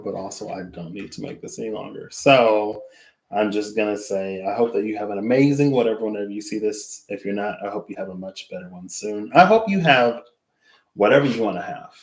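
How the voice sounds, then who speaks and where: A low-voiced man wraps up a tarot reading in a loose, musing way, drifting between thoughts and trailing off into asides. His voice sits a little deep and rings around a roomy, echoey space. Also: fairly even intonation, brisk, darkish tone. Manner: rambling and reflective, trailing off into asides. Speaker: tarot reader. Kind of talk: casual spoken tarot reading wrap-up.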